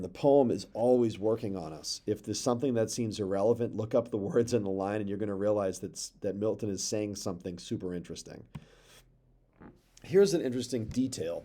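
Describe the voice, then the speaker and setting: Dark-voiced male teacher lecturing. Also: lowish voice. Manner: enthusiastic, reads verse aloud slowly. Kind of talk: lecture on a poem.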